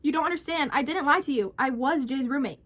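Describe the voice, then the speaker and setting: A desperate young man in a read-aloud horror story pleads and blames in turn, voiced by a woman. The voice stays high and bright rather than gruff. His manner is bitter and unhinged. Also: fast. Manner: pleading then raging, blaming.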